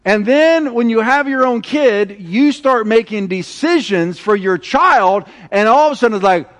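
A middle-aged man preaching a sermon, telling stories with animated, acted-out quotes. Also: very high-pitched, measured pace. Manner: animated storytelling, acting out quoted voices. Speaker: pastor.

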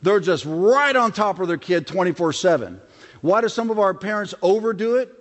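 A middle-aged man preaching a sermon as a pastor, talking conversationally and acting out quotes from his family life. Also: sits high. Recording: long reverb of a large hall.

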